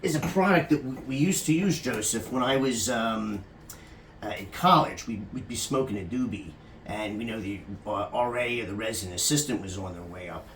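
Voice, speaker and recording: A man's voice: mid-range voice, moderate pace, fairly bright tone, reverberant, slight background noise. A man giving a crude, rambling comic talk about hygiene, chatting to the person filming him. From California. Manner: rambling, crude and jokey, often addressing the camera operator by name. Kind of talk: casual comic monologue to the camera operator.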